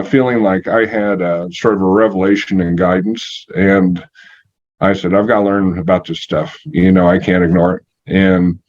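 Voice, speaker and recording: A man in his sixties telling a story from his life as an interview guest, halting with many fillers and matter-of-fact. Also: low voice. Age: 60s. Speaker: energy healer guest. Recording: muffled lo-fi audio.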